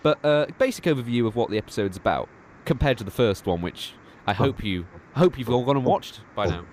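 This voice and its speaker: A man's voice: mid-range voice, animated, brisk, a little mellow, slight background noise. A young man hosting a casual review podcast, chatty with many fillers. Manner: chatty, hesitant fillers, laughs often. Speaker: podcast host.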